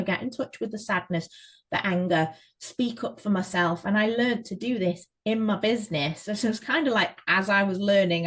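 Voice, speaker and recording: An English woman talks openly as a podcast guest, telling her life story in a lively way and leaning on little fillers as she goes. Her voice sits at an average pitch for a woman, neither high nor low. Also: rough recording. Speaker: guest, photographer. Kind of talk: casual podcast interview.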